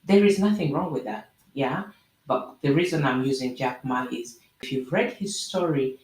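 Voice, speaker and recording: A woman host explaining proverbs to viewers in an animated, preachy way with jokey asides. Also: sits low, normal speed. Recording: roomy echo.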